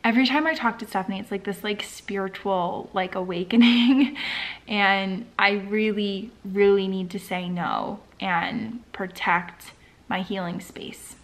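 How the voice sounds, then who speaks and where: A woman's voice: medium pitch, steady tone, a little slow, fairly bright tone. A young adult woman talking in a casual personal vlog, candid and reflective, with lots of "like" fillers. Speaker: vlogger and startup founder.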